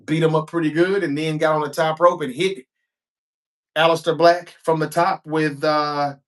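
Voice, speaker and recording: A man's voice: on the high side, level tone, moderate pace. A man hosting a show, recapping a wrestling episode in a casual, chatty way with offhand asides.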